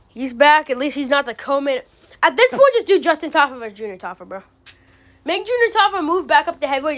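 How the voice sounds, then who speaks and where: A woman's voice: high-pitched, fairly bright tone. A woman giving casual, ranting commentary, exasperated and profane, full of slang. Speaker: MMA commentary channel host.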